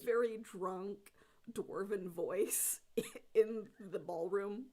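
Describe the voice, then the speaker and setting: A woman narrates a tabletop game as its game master, taking her time and often laughing mid-sentence. Her voice sits at an ordinary middle pitch. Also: extremely slow, a little mellow.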